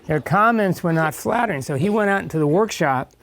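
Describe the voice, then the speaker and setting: Reading a picture book to a class of young children, this older guest reader has a high, animated voice with a fairly bright tone and a fairly quick pace. In the elementary school classroom, he's chatty, stopping along the way to ask and explain.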